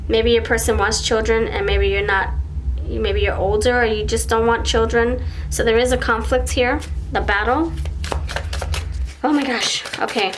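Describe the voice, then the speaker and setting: A woman with a fairly high voice gives a pick-a-card tarot reading. She thinks aloud and restarts often as cards come up. A faint hiss sits behind her voice. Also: steady tone, normal speed. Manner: acts out imagined dialogue between partners. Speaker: tarot reader.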